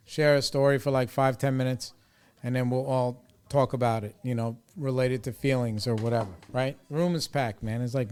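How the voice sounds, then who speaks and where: Podcast guy rambling thru a story, swears a lot, streetwise, smooth clear voice. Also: medium pitch, darkish tone. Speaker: podcast host. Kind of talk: casual recovery podcast storytelling.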